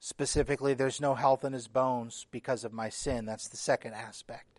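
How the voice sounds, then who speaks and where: A man's voice: mid-range voice, fairly even intonation, moderate pace, darkish tone. A man preaching a sermon as pastor, earnest and emphatic, reading scripture aloud with feeling. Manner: earnest preaching, building emphasis with repeated phrases.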